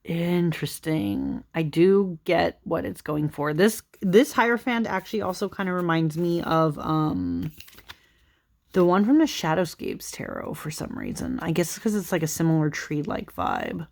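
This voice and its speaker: A young woman who hosts a tarot channel casually chats her way through a deck of cards late at night. Her low voice is gravelly and a little mellow, unhurried but with huge pitch swings. She rambles with plenty of fillers, giggles, and sounds tired, yawning as she goes.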